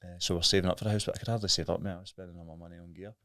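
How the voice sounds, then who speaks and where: A man's voice: deep voice, steady tone, very fast, fairly bright tone, dry recording, clean studio sound. A Scottish man in his thirties, a podcast guest telling his story in an earnest, frank, plain-spoken way. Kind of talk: candid recovery story in conversation.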